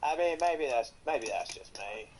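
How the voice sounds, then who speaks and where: Animated Australian man, swearing storyteller. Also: medium pitch, measured pace, a crowd in the background, rough recording. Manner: animated, swears freely while telling stories. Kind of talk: casual chat.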